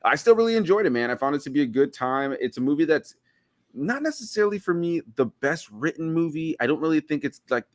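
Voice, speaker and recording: A man's voice: on the high side, big pitch swings, fast, no echo. A man in his thirties from Miami, a guest reviewing a film in casual chat, rambling with lots of "like" and "you know". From Miami, United States.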